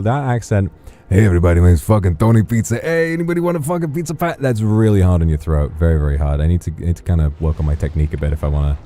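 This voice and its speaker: A man's voice: deep voice, dark tone. A man casually commentating as he streams a game, rambling and swearing playfully.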